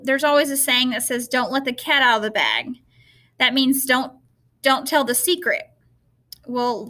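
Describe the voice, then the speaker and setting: A woman teacher giving a remote lesson to students, explaining slowly and patiently and checking in with frequent okays. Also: high voice, bright, forceful tone.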